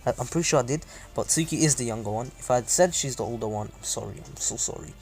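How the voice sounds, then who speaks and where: A man's voice: medium pitch, fast talker, gravelly, a little mellow. A man casually retelling a fan story, rambling with many hesitations and asides.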